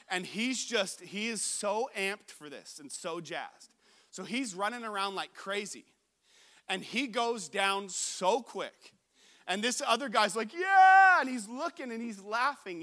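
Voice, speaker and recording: A man preaching a sermon as a pastor, telling a story in a lively way, acting out the quotes and joking with the audience. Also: sits high. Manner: animated, acts out quotes, jokes with the audience.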